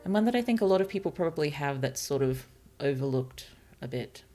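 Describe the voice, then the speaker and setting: A woman streaming as a virtual author, thinking aloud about her novel in a hesitant, musing way, with many fillers and soft laughs. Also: low-pitched, expressive, brisk, soft background music. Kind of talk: casual thinking-aloud livestream while writing.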